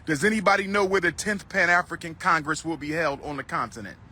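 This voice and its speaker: Man, outdoor phone livestream, loud, declaiming, repetitive, bright voice. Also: a little high, fast talker, husky. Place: outdoors on a street.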